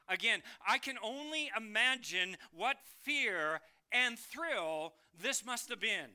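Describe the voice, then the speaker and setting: A man preaching a sermon, lively and questioning, reading scripture aloud and asking the congregation questions. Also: high-pitched, takes it slowly, clean tone. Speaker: pastor.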